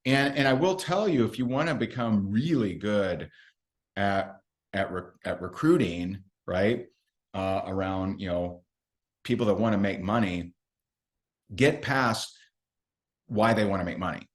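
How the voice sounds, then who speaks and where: Low-voiced chatty male trainer. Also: a little slow. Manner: chatty, self-mocking, acts out quotes. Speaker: network marketing trainer. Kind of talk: storytelling training talk.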